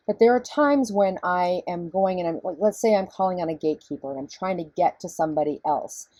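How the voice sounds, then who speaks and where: A middle-aged woman lecturing in a relaxed, conversational way. Her voice sits low and sounds husky, with a mellow, soft edge. The recording is dry and close, with no room sound. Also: brisk, few pauses, dry recording. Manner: conversational, explaining step by step. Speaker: professor.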